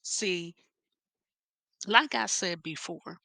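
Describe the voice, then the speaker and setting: A woman with a Philadelphia accent delivers sassy, profane gossip commentary at a slow, deliberate pace. Her voice is bright and forceful, and she hits her stressed words hard. The recording is dry and close. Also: fairly high pitch, no room sound. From Philadelphia area. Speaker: commentary vlogger.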